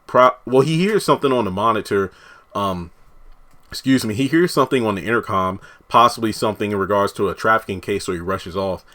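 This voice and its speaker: A man's voice: lowish voice, fairly quick, sharp tone. A man, a TV reviewer, casually recapping an episode, rambling and correcting himself as he quotes the characters.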